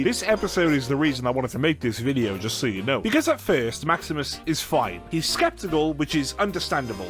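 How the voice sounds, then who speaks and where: A man ranting sarcastically and with plenty of swearing in an exasperated video review. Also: medium pitch. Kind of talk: ranting commentary.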